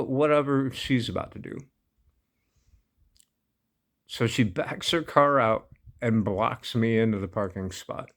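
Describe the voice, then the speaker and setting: A man's voice: medium pitch, measured pace, pauses often. A man casually telling a personal story, laid-back and amused, often breaking into laughter. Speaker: vlogger.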